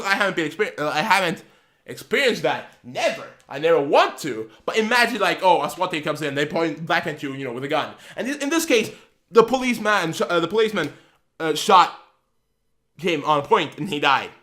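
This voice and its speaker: A man's voice: on the high side, pushed and bright. A man on his channel ranting heatedly, swearing and repeating himself as he vents. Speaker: channel host. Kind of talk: angry vlog rant.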